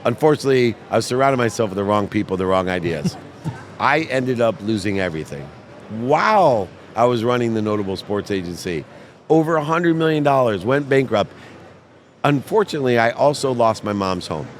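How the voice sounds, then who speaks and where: Animated storytelling man outdoors. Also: medium pitch, a little fast, a little hiss or hum. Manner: animated, acts out voices in his stories. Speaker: podcast guest. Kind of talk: emotional storytelling.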